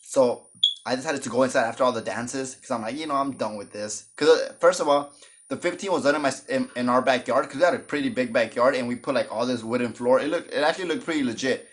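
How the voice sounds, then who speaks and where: A man's voice: mid-range voice, fast talker. A man telling a personal story in a casual, jokey way and acting out the voices of the people in it. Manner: animated, jokey, acts out the voices of other people. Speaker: storytime vlogger.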